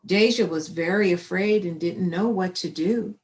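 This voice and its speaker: A woman reading a children's picture book aloud in a slow, encouraging way. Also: on the low side, a little mellow. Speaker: storybook reader. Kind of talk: children's story read-aloud.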